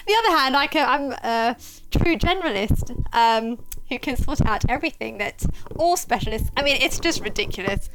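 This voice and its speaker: A woman in her thirties co-hosting a podcast, telling stories in an animated, teasing way. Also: high-pitched, moderate pace, noisy background. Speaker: podcast co-host, doctor. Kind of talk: casual podcast chat.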